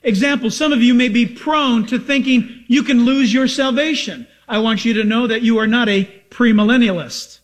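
A man preaching a sermon as a pastor, emphatic and repetitive, asking rhetorical questions and sounding excited and over-caffeinated. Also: extremely high pitch, normal speed, hardly any pauses.

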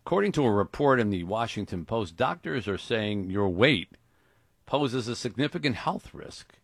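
A man hosting a comedy interview, asking brisk mock-serious questions. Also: on the low side, animated, no echo, studio quality. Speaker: radio host.

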